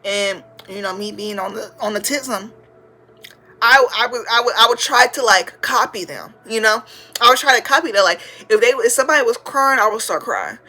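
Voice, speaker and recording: A woman in her twenties hosting a podcast, telling a funny story in a chatty, slangy way, sometimes breaking into loud shouted praise. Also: a little high, normal speed. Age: 20s. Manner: slangy, chatty, addresses listeners as y'all. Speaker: podcast host. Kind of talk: casual storytelling to listeners.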